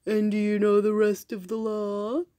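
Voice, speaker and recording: A woman voicing a boastful male giant in a storybook reading, speaking slowly and mockingly. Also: monotone, mellow, dry recording, natural voice. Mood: gloating. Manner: slow, booming, mocking.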